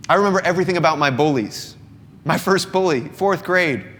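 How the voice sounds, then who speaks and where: A man's voice: a little high, brisk, a bit bright. A man in his thirties from the American South, a singer-songwriter giving an earnest, reflective confessional monologue to a live audience. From Southern United States. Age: 30s. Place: indoor company showroom with an audience. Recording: long reverb of a live room.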